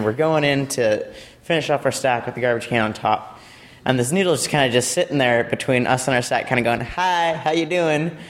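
A young man on a robotics team rambles casually through an explanation of a competition robot, tossing in playful asides. His voice is mid-range.

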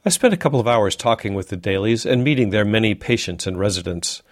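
A male community radio reporter reading a scripted news piece in a measured, careful way. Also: fairly low pitch, animated, no room sound, clean studio sound. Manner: measured, reads slowly and carefully.

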